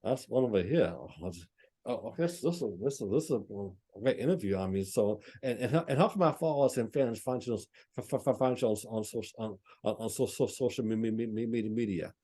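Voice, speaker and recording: A man's voice: on the low side, expressive, fairly quick, dark tone, breathy edge. A male podcast host who stammers and repeats words as he asks questions. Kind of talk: casual interview.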